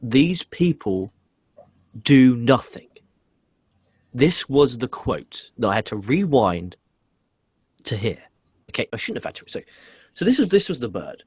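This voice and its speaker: A man's voice: mid-range voice, very animated, a little slow, pauses often, darkish tone, breathy edge, no room sound. A man giving a blunt, profane, ranting wrestling show review in casual podcast talk, often stumbling into restarts.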